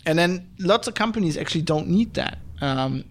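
A man's voice: a little high, lively intonation, normal speed. A man hosting a podcast, ranting casually and swearing, with many fillers. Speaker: podcast host. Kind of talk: casual chat.

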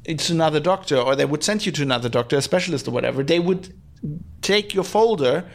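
A man's voice: fairly high pitch, expressive, fast talker, vocal fry. A man hosting a podcast, ranting in blunt, sarcastic casual commentary, swearing freely and restarting his sentences often. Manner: frequent fillers and restarts. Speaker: podcast host.

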